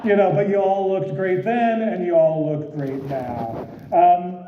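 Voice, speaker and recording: A man moderating a convention panel, asking friendly, halting questions. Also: high-pitched, a little hiss or hum. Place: large convention hall. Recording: echoey hall, muffled sound.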